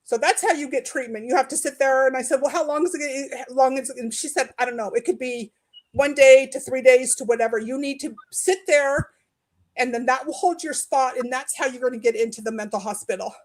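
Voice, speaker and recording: A woman telling an emotional personal story, rambling and restarting, her voice climbing and breaking into tears as she recalls pleading for help. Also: a little fast. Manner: tearful, voice rising high when quoting her own pleas. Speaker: guest sharing personal story.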